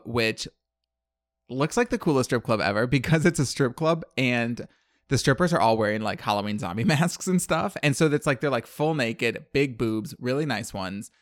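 A man's voice: medium pitch, a bit bright, dry recording. Man, casual movie recap, rambling with fillers, dry close sound. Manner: rambling, filler-heavy storytelling with acted quotes. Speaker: podcast co-host.

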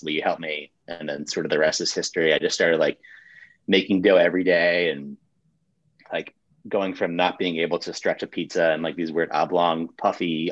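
A man's voice: low voice, dry recording, highs cut off. A man and pizzeria owner telling his story in a casual chat, laid-back, swearing freely and acting out quotes.

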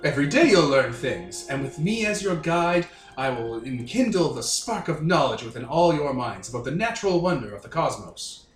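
A man's voice: a little high, very animated, moderate pace, few pauses. A man voicing a snooty, pompous ancient robot shuttle in a fake British accent, with grand formal phrasing. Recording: roomy recording, faint music.

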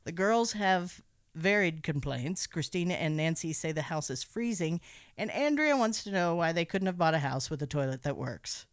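A playful woman co-hosts a casual podcast and recaps a film with a sarcastic edge. Her pitch swings widely as she talks, and she laughs often. The recording sounds dry and close. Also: sing-song, moderate pace, dry recording. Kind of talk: casual chat.

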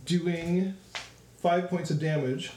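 A man's voice: on the high side, takes it slowly, a little hiss or hum. Man running a tabletop game, roomy sound. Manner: steady, methodical, with frequent fillers. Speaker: game master.

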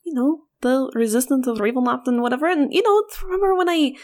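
A woman player speaking in character, worried and halting with many fillers. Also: high-pitched, a little mellow. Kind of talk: in-character role-play.

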